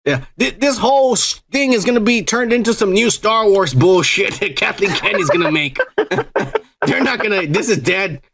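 A man's voice: high-pitched, animated, moderate pace, gravelly, a bit bright, slight background noise. A man co-hosting a podcast, swearing, laughing and riffing loosely on the news while drinking. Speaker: podcast co-host. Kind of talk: crude casual chat.

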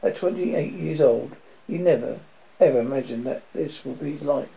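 A man's voice: normal speed, creaky, highs cut off. A man reading a novel extract aloud, with small slips and restarts and a lifted voice for the characters' lines. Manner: reads with slips and restarts, lifts pitch for quoted speech. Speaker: reader.

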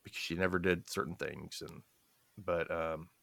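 A man with a deep, vocal-fry voice speaks at a moderate pace in a dry recording. As a guest in a casual conversation, he tells family stories with lots of laughter, acting out the voices of the people in them.

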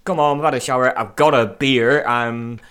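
A man with a Lancashire accent co-hosting a podcast in relaxed, joking casual chat, swearing casually. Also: medium pitch, normal speed, clean tone. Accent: Lancashire English. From Lancashire, England. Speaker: podcast co-host.

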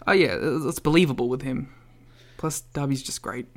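A man's voice: mid-range voice, moderate pace. A man co-hosting a podcast in casual chat, making dry, wry remarks. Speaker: podcast co-host.

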